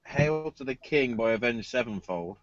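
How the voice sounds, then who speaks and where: A man hosting a casual wrestling podcast, swearing freely and bursting into loud mock cries. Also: medium pitch, expressive, moderate pace. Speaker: podcast host. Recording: dull dry lo-fi sound.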